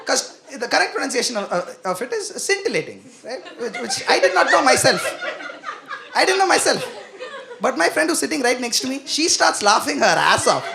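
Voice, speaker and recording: A young man performing a self-deprecating stand-up comedy set on a comedy club stage, animated and acting out quoted voices, into a handheld stage mic. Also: very high-pitched, fairly quick, vocal fry, crowd noise.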